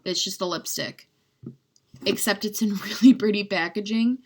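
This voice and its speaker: A woman's voice: medium pitch, normal speed, a little mellow. A young adult woman chatting casually as a beauty vlogger, rambling and gushing with lots of "like", poking fun at herself. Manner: rambling, chatty, heavy use of "like"; gushing, self-mocking. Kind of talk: casual chat.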